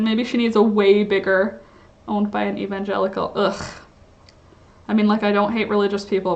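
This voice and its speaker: A woman's voice: mid-range voice, a bit bright, highs cut off. A young woman hosting a casual livestream, chatting and reading chat comments, rambling with lots of "like" and "um". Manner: rambling, filler-heavy, frequent "like" and "um".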